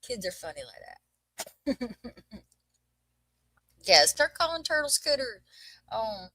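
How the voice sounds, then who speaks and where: A woman's voice: fairly high pitch, very animated, slow, pushed and bright, dry recording, rough recording. A middle-aged woman with a Southern US accent, chatting on a livestream and telling a funny story with lots of laughter. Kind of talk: casual chat, storytelling.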